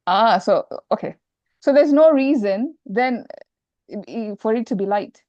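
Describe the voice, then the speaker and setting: A woman's voice: on the high side, animated, a little slow, warm tone, no room sound, dull audio. A woman teaching an online grammar lesson, explaining step by step and patiently repeating the key points.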